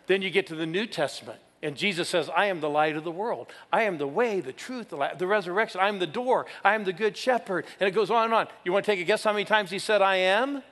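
A man preaching a sermon in a church, energetic and calling on the congregation to answer him. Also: sits high, fast talker, hardly any pauses. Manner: energetic, calls for crowd responses. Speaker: guest preacher. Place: church sanctuary. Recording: church hall reverb.

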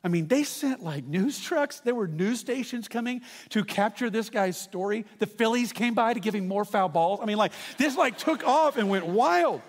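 Man, pastor, high voice, animated sermon, long hall reverb. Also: moderate pace, few pauses. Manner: animated storytelling with asides to the congregation.

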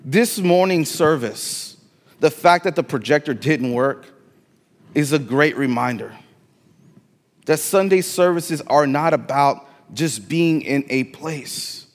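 A man's voice: on the high side, lively intonation, takes it slowly, in a large hall. A man with a Latino accent preaching a sermon as pastor, emphatic and repeating phrases for weight in a church sanctuary.

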